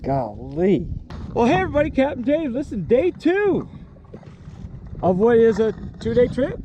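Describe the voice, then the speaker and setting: A man's voice: very high voice, wildly swooping pitch, normal speed, mellow, slight background noise. A man working as a fishing guide, chatting and joking on a boat on a lake, often laughing and restarting his sentences. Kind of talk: casual fishing vlog chat.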